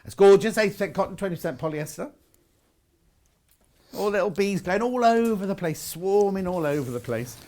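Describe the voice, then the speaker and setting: A man's voice: high voice, animated, brisk, darkish tone. A man presenting a live shopping channel show, chatty and upbeat with small jokes.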